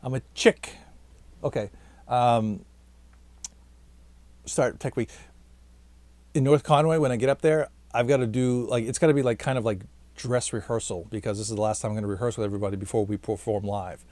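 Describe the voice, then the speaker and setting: A man's voice: medium pitch, steady tone, normal speed, long pauses, a little mellow, no room sound. A tired man chats straight to camera in a rambling, self-mocking monologue, always about to sign off and never quite stopping. His voice sits mid-range and sounds close and dry, with no room around it. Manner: chatty, self-mocking, keeps talking past his own sign-off. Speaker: vlogger and stage actor.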